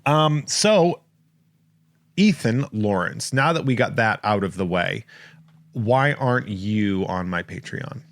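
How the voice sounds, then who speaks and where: A man's voice: lowish voice, animated, takes it slowly. An American man hosting a podcast, rambling and joking at his own expense in casual chat. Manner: jokey, rambling, self-mocking. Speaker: podcast host.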